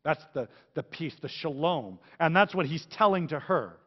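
Animated man preaching in an echoey hall. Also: on the high side, normal speed. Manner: animated, conversational, jokey preaching. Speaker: pastor. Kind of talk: sermon. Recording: echoey hall, dull sound.

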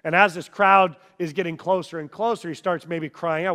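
High-voiced preacher in a reverberant hall. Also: male voice, steady tone, moderate pace. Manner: dramatic storytelling, shifting from hushed to shouting. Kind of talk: sermon.

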